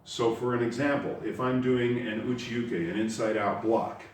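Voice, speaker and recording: A man's voice: medium pitch, fairly even intonation, normal speed, a little hiss or hum. A man teaching karate, explaining step by step and stressing the key words. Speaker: karate instructor. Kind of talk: spoken lesson. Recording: very echoey room, voice far from the mic.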